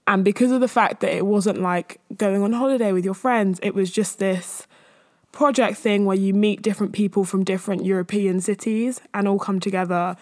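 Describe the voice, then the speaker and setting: A young woman talks on her own podcast in a loose, rambling way, full of fillers and little laughs. She sounds slightly out of breath as she chats at a middling pitch. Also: steady tone, moderate pace, a little mellow. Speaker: podcast host. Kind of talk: casual solo chat.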